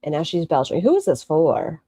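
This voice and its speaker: A woman's voice: low-pitched, sing-song, a little fast, mellow, slight background noise. A woman making snarky reaction commentary on a video, mocking it and swearing freely. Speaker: commentary streamer.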